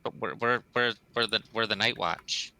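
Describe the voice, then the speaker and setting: A man's voice: on the low side, moderate pace, gravelly, pushed and bright, full character voice, rough recording. A man voicing an earnest, naive young male knight who stammers and repeats words while in character in a tabletop game.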